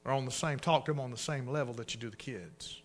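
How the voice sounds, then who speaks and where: A middle-aged male pastor preaching a sermon, swinging from hushed asides to loud, emphatic bursts. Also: mid-range voice, quick pace.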